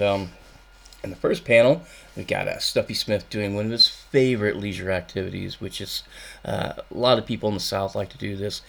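A man's voice: on the low side, gravelly. A man hosting a music radio show, casually rambling with dry jokes and many ums. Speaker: radio host.

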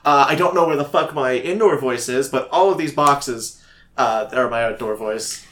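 A man's voice: mid-range voice, moderate pace, a bit bright. A man co-hosting a podcast in casual chat, laughing often, swearing freely and telling stories with energy. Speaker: podcast co-host.

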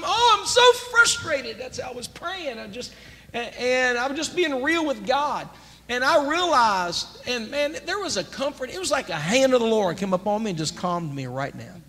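A man preaching a sermon as pastor, emphatic and rising to near-shouts. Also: a little high. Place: church sanctuary. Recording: church sanctuary with long reverb, faint noise.

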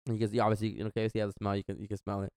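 A man's voice: on the low side, monotone, very fast, a little mellow, clear, resonant tone, dry recording, clean studio sound. A young man in casual chat, rambling through a story and acting out what others said in a slangy way. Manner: rambling, slangy, acts out quotes.

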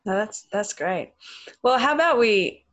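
A woman's voice: mid-range voice, animated, unhurried, fairly bright tone. A woman hosting a casual interview, encouraging her guest. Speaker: interviewer host.

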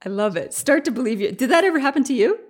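A woman's voice: sits high, animated, quick pace, darkish tone, slightly rough. A woman hosting a podcast interview, chatty and curious, thinking her questions through aloud. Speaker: podcast host.

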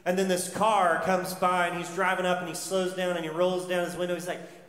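A man's voice: high-pitched, flat delivery, brisk, a bit bright. A male pastor preaching a sermon, telling stories and building his points with repeated rhetorical questions. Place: church sanctuary. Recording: echoey church hall.

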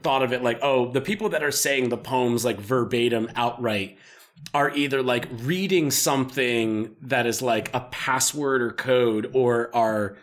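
A man's voice: medium pitch, unhurried. A man co-hosting a podcast in casual chat, rambling and joking with many fillers. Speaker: podcast co-host.

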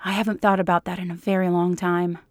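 A woman reading the part of a small, sensible woman agent in a fan fiction audiobook, brisk and a little defensive. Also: lowish voice, level tone, no echo, natural voice. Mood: guarded.

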